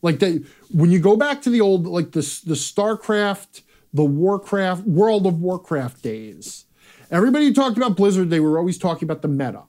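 A man's voice: high-pitched, animated, moderate pace, mellow. A man hosting a live chat, talking bluntly and casually with profanity and rambling asides. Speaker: host.

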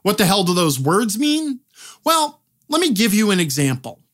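Wry, lively tabletop game teacher. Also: mid-range voice, normal speed. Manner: wry, self-mocking asides, occasional swearing. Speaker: game master advice teacher. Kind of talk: tutorial monologue on tabletop role-play.

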